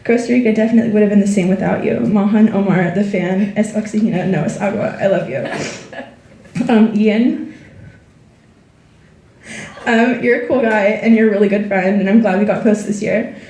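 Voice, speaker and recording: Brief: teen girl, senior speech, tearful and heartfelt, mellow voice, echoey room. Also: mid-range voice, fairly even intonation, brisk, distant mic, a little hiss or hum. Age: teens. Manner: heartfelt, reading thank-yous. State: tearful, near crying. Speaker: graduating student. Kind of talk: senior speech read aloud.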